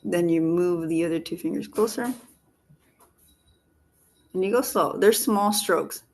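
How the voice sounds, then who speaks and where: A woman leading a face yoga class over a video call, giving calm step-by-step cues and counting breaths. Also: lowish voice, measured pace. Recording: video call audio with faint background noise.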